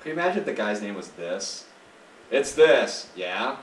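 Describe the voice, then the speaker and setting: Guy cracking jokes over gameplay, pitch bouncing all over, echoey room far from the mic. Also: fast talker. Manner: joking, animated, chatty. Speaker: game commentator. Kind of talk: casual let's-play commentary. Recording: echoey room, mic at a distance, faint noise.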